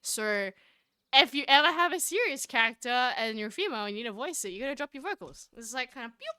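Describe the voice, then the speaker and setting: Giggly high-voiced woman streamer. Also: expressive, fast, pushed and bright, smooth, no room sound, studio quality. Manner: giggly, chatty, addresses chat. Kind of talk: live game stream with read-aloud.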